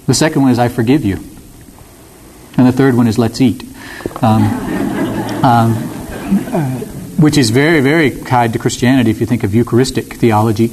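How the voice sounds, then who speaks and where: Brief: male pastor, mid pitch, slow earnest sermon delivery, thoughtful pauses. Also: darkish tone. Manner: slow, earnest, reflective with frequent pauses and fillers.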